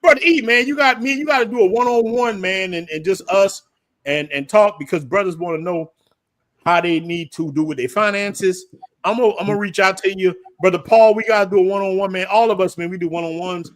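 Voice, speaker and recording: A fairly high-pitched American man hosting a casual livestream, telling animated stories full of slang and quick laughs. His voice is dry and close, with no room sound around it. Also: no room sound. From United States. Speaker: livestream host. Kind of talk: casual group chat on a livestream.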